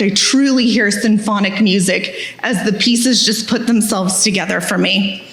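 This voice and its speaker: Lady on stage doing a funny candid talk, lots of room echo. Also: mid-range voice. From Texas. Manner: candid, self-deprecating, humorous. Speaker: speaker giving a talk. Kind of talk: storytelling keynote talk. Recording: echoey hall.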